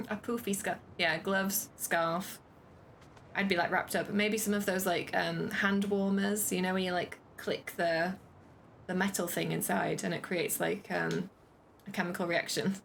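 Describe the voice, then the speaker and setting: A woman's voice: on the low side, level tone, unhurried, gravelly, a bit bright, slight background noise. A woman streaming a game, chatting casually, laughing often, and reading on-screen text aloud.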